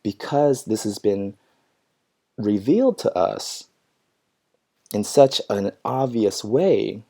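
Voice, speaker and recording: A man vlogging about his business in casual chat, reading viewer comments and answering them in a reflective, encouraging way with frequent ums and soft laughs. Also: on the low side, lively intonation, slow, creaky. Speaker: pet groomer vlogger.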